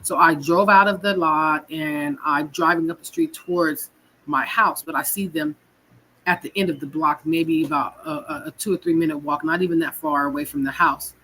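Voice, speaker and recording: Speaking at a normal speed, a deep-voiced woman sounds pushed and bright. She is a Californian guest telling her own story with raw, frank emotion, swearing and saying things over again. The rough recording carries slight background noise.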